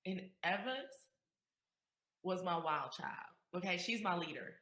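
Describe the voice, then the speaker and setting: Woman from Queens, emotional storyteller, bright tone, roomy echo. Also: lowish voice, animated, measured pace. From Queens, New York, USA. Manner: emotional, emphatic, swings from loud to hushed. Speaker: guest, community activist. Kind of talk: heartfelt personal storytelling in conversation.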